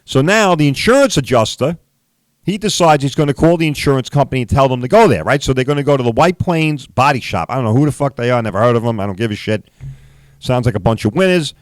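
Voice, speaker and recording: A man's voice: medium pitch, lively intonation, fast, dry recording. A middle-aged man who hosts a podcast and tells a story in a profane, emphatic rant, often asking "right?". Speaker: podcast host, body shop owner.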